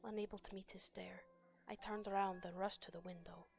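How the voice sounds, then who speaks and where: Woman reads a gloomy sixth-grade boy: hushed, gravelly, put-on Russian accent. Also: medium pitch, flat delivery, brisk, over music, natural voice. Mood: uneasy. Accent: attempted Russian accent. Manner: hushed, half-whispered reading. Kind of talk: reading visual novel narration.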